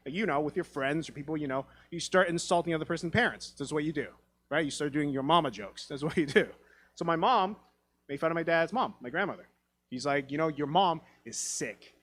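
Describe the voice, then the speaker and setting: Male stand-up comic, slightly high voice, animated storyteller who acts out the characters, live theatre set. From Taiwan. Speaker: stand-up comedian. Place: theatre stage.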